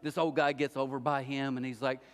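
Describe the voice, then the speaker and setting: A man preaching a sermon as a pastor, telling a story with lively quoted voices before easing into soft, earnest prayer. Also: medium pitch, fairly quick, smooth. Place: church auditorium, indoors. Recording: long hall reverb.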